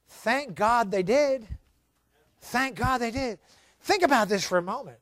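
A male preacher delivering a sermon with a high, lively voice that leaps between near-whispers and fervent shouts. The sound is dry and close, with no room behind it. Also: a little slow, no room sound. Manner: swings from shouting to hushed, dramatic.

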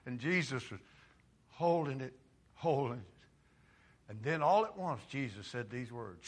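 A man preaching a sermon dramatically, dropping quiet and then rising to loud, impassioned cries. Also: mid-range voice, expressive, measured pace, pauses often. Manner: dramatic, swings from quiet to shouting.

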